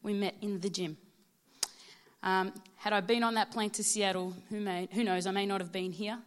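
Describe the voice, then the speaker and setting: An Australian woman in her thirties speaks in a mid-range voice, delivering a prepared testimony to a church gathering. Her delivery is heartfelt and measured, with steady pauses between phrases. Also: medium pitch. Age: 30s. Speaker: mother giving a church testimony. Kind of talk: prepared personal testimony speech.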